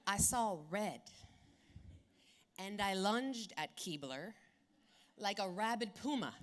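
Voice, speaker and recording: Woman, 40s, keynote storyteller, bright forceful tone, punchy and profane. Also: medium pitch, slow, pauses often. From South Philadelphia. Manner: animated, blunt and profane. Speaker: keynote speaker.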